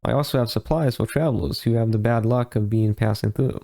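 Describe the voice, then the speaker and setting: A man's voice: fairly low pitch, brisk, gravelly, mellow. A man reading a burly armored outfitter. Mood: matter-of-fact. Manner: plain read-aloud delivery. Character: burly male armored outfitter, matter-of-fact.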